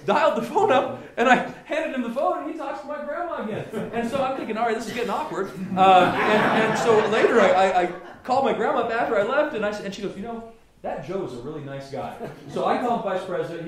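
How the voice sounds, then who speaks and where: Guy giving a stump speech, kinda high voice, really echoey room, restarts a lot. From Colorado. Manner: storytelling with frequent restarts and repeated words. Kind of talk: political stump speech with anecdotes. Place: small gathering in a room. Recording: very echoey room with faint ambient noise.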